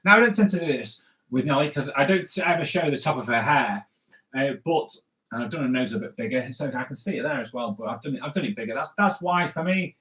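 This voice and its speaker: A man's voice: on the high side, fairly bright tone. A middle-aged man teaching kids to draw comics, chatting as he draws and checking in with "okay?" and "right?". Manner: chatty, talks while drawing, lots of "okay?" and "right?". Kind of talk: drawing lesson for kids. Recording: roomy echo.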